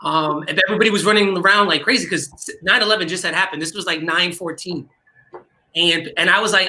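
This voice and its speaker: A man, a comedian guest, telling a story with quick jokes and asides. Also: high voice, fairly even intonation, sharp tone. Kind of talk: casual comedians' chat.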